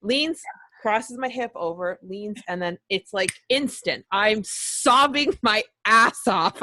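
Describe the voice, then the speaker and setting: A woman's voice: medium pitch, measured pace, sharp tone, no echo. A woman hosting a casual interview, telling stories candidly and swearing freely. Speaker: host. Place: Toronto.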